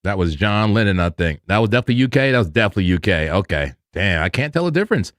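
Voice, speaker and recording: A man hosting a casual live crypto trading stream who talks excitably, laughs loudly and repeats himself. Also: on the low side, rapid-fire, no echo, clean studio sound.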